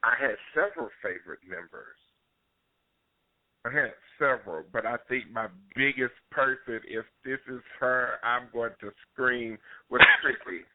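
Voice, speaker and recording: A man, a former cooking show contestant, talking casually and excitably in a phone interview, laughing easily. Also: mid-range voice, measured pace, no room sound. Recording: tinny phone line.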